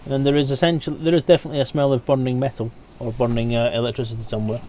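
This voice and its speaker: A man's voice: mid-range voice, rapid-fire, a little hiss or hum. Man running a tabletop game. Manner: relaxed, hesitant, with fillers. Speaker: game master.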